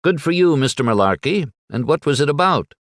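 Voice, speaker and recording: A stern schoolteacher woman, as a male audiobook narrator puts her on, asking crisp, probing questions of her class in a raised voice. The pitch sits well above the narrator's own. The recording is dry and close. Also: animated, fairly quick, fairly bright tone, dry recording. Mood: quizzing.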